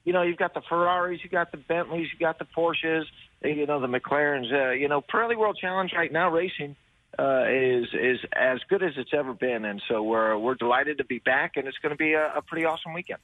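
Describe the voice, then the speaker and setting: A man on a narrow, tinny phone line talks in an upbeat rush, his voice sitting a touch high and sounding close and dry. He is a race driver taking part in a radio interview, and he keeps restarting his sentences. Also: brisk, dry recording. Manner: energetic, chatty, many fillers and restarts.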